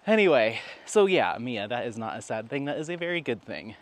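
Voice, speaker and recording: A man's voice: mid-range voice, sing-song, a little fast. A man chatting casually with viewers while walking his dog in a park, laughing often. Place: outdoors in a park.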